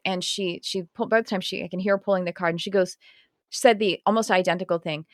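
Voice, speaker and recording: A woman chatting on a podcast, telling a story in a rambling, animated way and correcting herself mid-sentence. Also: fairly low pitch, fast, no echo, studio quality. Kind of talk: casual podcast chat.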